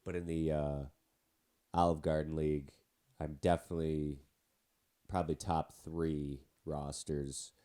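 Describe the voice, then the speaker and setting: A man's voice: a bass voice, flat delivery, unhurried, mellow. A man with a nasal, stuffed-up voice from a cold, hosting a casual sports podcast in a chatty, rambling way. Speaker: podcast host.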